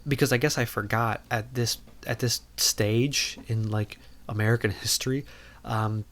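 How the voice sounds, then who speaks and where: A man's voice: mid-range voice, steady tone, a little slow, a bit bright. A man hosting a podcast, recapping a movie in a casual, rambling, jokey way, full of "like" and "you know". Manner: jokey and irreverent. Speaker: podcast host.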